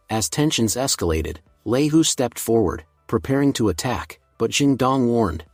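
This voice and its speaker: A man reading a comic story recap as a narrator, in an even, steady scripted delivery. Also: mid-range voice, moderate pace, few pauses, no echo, clean studio sound, faint music behind.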